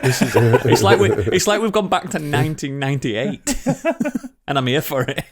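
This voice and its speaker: A man's voice: a little high, big pitch swings, moderate pace. Laughing, swearing podcast co-host man. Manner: laughs often, swears, trails off mid-sentence. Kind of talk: casual chat.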